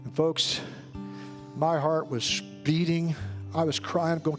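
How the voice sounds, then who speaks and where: A man with a notably high voice preaches to his congregation, earnest and rising to emphatic peaks as he tells a story. Soft guitar plays faintly beneath him in the sanctuary. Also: flat delivery, slow pace, pauses often. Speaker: pastor. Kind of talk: sermon with storytelling. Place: church sanctuary.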